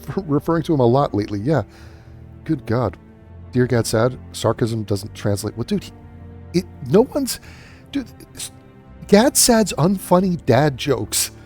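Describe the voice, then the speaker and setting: This commentary YouTuber has a medium-pitched, dark-toned voice. His reactions are sarcastic and scornful, and he swears constantly.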